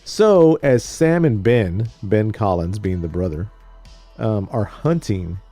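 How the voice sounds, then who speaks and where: A man's voice: lowish voice, animated, slow pace, dark tone, no echo, faint music behind. A man co-hosting a podcast, recapping a TV episode in casual chat, rambling and joking as he tells the story. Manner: rambling, jokey storyteller who acts out scenes.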